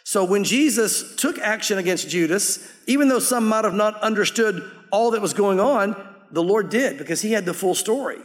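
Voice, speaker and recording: A man's voice: high-pitched, animated, moderate pace, in a large hall. A man preaching a sermon as pastor, in a conversational way that slips into acting out quoted voices.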